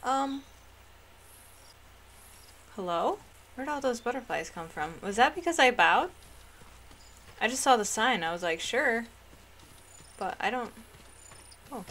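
A woman narrating her own video game session in a relaxed, slow-paced chat, poking fun at her own skills. When a fight gets tense she breaks into shrieks and nervous laughter. A steady hiss of noise sits under her voice. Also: on the high side. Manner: chatty and self-mocking. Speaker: gaming channel host. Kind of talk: casual gameplay commentary.

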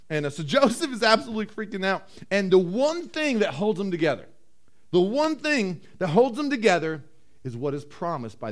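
Man, pastor, sermon, high voice, animated storytelling, low slow emphasis. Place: church.

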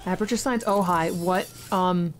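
A woman hosting a gaming channel, giving excitable, chatty let's-play commentary full of exclamations. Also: lowish voice, unhurried.

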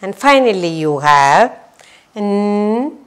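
A woman teaching a children's phonics lesson, sounding out letters slowly and repeating each one. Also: medium pitch, big pitch swings.

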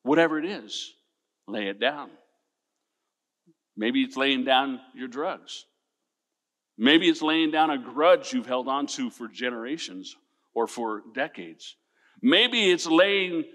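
A man's voice: mid-range voice, a bit bright. Preaching man in a reverberant sanctuary. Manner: call-and-response preaching, rising emphatic peaks. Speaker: pastor. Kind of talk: sermon. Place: church sanctuary. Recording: long church reverb.

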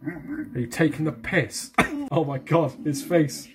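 A man's voice: a little high, big pitch swings, takes it slowly, background noise. A man giving gameplay commentary who swears constantly, laughs a lot and mocks what he sees. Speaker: gaming video host.

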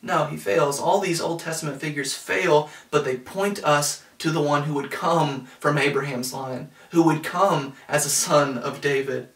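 A pastor preaching a sermon, earnest, slowing down to stress scripture quotes. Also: male voice, a little high, steady tone, fairly bright tone. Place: church sanctuary. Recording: roomy sound from a distance.

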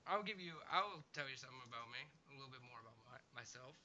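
A man's voice: medium pitch, animated, very fast, sharp tone. A man chatting in a casual interview, joking crudely, swearing a lot and laughing often. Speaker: YouTuber being interviewed. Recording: dull lo-fi sound.

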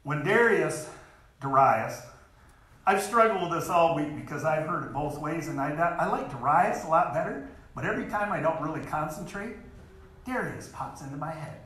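A man's voice: a little high, expressive, brisk, fairly bright tone. A man preaching a sermon in a church in an earnest, emphatic way, reading scripture aloud. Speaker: lay preacher. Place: church sanctuary. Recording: very echoey church hall.

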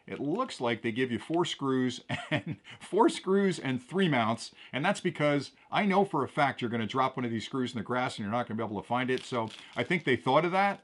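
A man reviewing a gadget on camera, explaining each step of the setup in a relaxed, chatty way with the odd chuckle. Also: mid-range voice. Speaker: product reviewer. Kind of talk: hands-on product demonstration.

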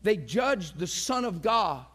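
High-voiced man preaching with fierce swings. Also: sing-song, slow pace, slightly rough. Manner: swings from loud shouting peaks to hushed near-whisper; acts out quoted crowd voices with gasps. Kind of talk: passionate sermon.

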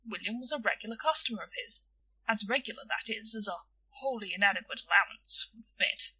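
Bright, husky woman narrating a story. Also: mid-range voice, fairly quick, distant mic, low-quality recording.

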